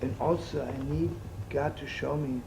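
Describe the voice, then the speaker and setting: An older man, a rabbi, teaching in an animated, chatty sermon full of stories and jokes, using Yiddish and Hebrew terms. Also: a little high, moderate pace, creaky, background noise.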